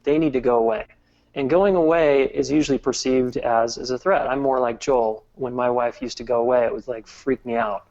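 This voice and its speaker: A man's voice: medium pitch, fairly even intonation, moderate pace, darkish tone, highs cut off. A man guesting on a podcast interview, talking earnestly and explaining step by step with frequent restarts. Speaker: guest relationship expert. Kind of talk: casual interview talk.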